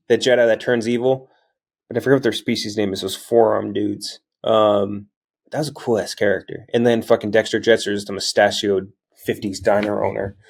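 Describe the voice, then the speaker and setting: A man's voice: on the low side, gravelly, a little mellow. A man co-hosting a movie podcast, speaking emphatically with frequent swearing and mockery. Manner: emphatic, profane, mocking. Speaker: podcast co-host. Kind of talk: casual chat.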